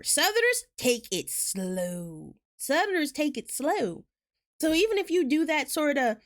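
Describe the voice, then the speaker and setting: A woman with a Southern US accent chatting casually while streaming a game, fast-talking and rambling, laughing often. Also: high-pitched, a bit bright. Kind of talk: casual gaming chat.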